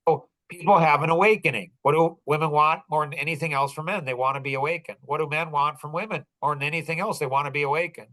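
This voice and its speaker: Animated bright-voiced man telling a story. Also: on the high side, quick pace, hardly any pauses, rough recording. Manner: animated, laughs often, acts out quoted dialogue. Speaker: podcast host. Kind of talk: casual storytelling talk.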